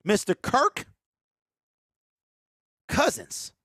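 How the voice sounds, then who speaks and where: A man in his forties hosting a casual sports fan show, reading viewer comments aloud, animated and quick to laugh as he talks straight to his audience. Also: high voice, dry recording, studio quality. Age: 40s.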